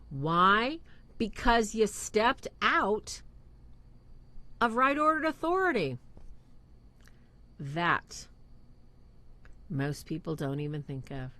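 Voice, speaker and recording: A middle-aged woman co-hosts a live religious talk show. She speaks in an emphatic, preachy way, her pitch ranging widely as she piles up rhetorical questions. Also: a bit bright. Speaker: co-host of a faith show.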